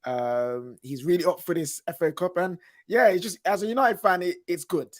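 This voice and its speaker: A man on a football chat panel talks with upbeat enthusiasm and casual slang. His voice is a bit high for a man. It is recorded close and dry, with no echo. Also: moderate pace.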